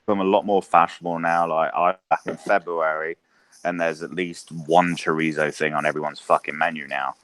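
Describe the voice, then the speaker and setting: An English man with an English accent answers interview questions in a relaxed, chatty way, filling pauses with ums. His voice sits very low. The recording is dry and close. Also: dry recording. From England. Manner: relaxed, swears freely, lots of ums. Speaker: interview guest. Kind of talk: casual interview chat.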